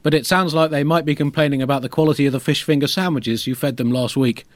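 A man's voice: a little high, steady tone, quick pace, no room sound, close to an everyday voice. A man playing an apologetic, hesitant apostle Peter addressing his boss. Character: weary, deferential apostle Peter, a grumbling sidekick.

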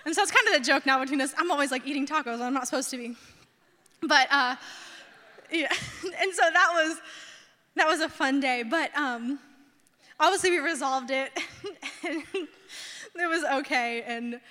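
A woman's voice: sits high, moderate pace, long pauses, pushed and bright, big-room sound. A young woman pastor telling a story in a sermon, chatty and casual, full of fillers, acting out the people in her story.

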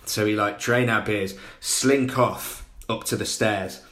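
Animated man telling a story. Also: fairly low pitch, takes it slowly. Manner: animated storyteller, acting out other people's voices. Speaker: podcast guest. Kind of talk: casual anecdote telling.

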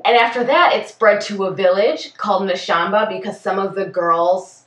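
A woman's voice: mid-range voice, normal speed, a bit bright, reverberant, recorded from a distance. A woman co-hosting a podcast, chatting casually through a case from her notes with plenty of fillers and self-corrections. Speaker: podcast co-host.

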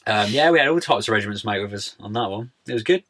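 A man's voice: on the low side, lively intonation, fast talker, fairly bright tone. A young man chatting casually as a podcast guest, laid-back, full of slang and "mate". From United Kingdom. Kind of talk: casual interview chat.

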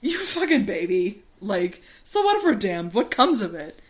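A woman's voice: mid-range voice, very animated, normal speed, lightly acted. A woman voicing a brash, callous male submarine captain, scoffing and crude.

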